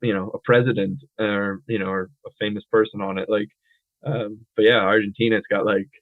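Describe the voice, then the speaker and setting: American man co-hosting, low voice, relaxed and filler-heavy, thin dry line. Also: brisk, no echo. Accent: American English. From United States. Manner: relaxed, filler-heavy, says he speaks in a monotone. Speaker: podcast co-host. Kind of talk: casual chat. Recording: dry, phone-like audio.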